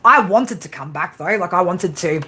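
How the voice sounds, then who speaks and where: A tarot reader hosts a casual livestream pep talk, swearing constantly, speaking bluntly, and tossing in frequent tag questions. Her voice sits on the lower side but is expressive and fairly bright, at a normal speed.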